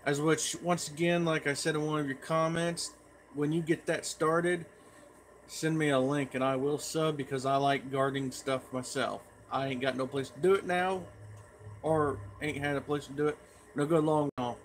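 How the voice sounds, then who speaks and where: A man's voice: a little high, steady tone, moderate pace, a little hiss or hum. A man chatting in a folksy, rambling way as a pipe tobacco vlogger. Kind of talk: casual rambling vlog.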